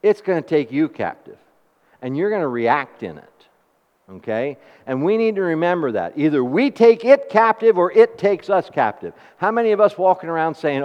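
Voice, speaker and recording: A man preaching with lively call-and-response questions to his congregation, his fairly high voice ringing out in a long hall echo. The recording is a bit muffled and lacks crispness. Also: moderate pace. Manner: animated call-and-response preaching with homely stories. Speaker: pastor. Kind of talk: sermon.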